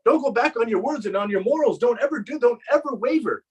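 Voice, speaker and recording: Husky high-voiced man giving a mourning sermon. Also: lively intonation, fast, dull audio. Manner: impassioned storytelling, repeats phrases for emphasis. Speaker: majlis speaker. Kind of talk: Muharram mourning sermon narration.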